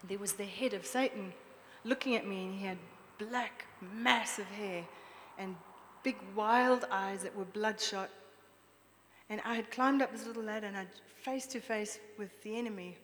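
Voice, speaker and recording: A woman preacher giving a lively, chatty sermon, drawing the congregation in with questions. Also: medium pitch, moderate pace. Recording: long reverb with faint background noise.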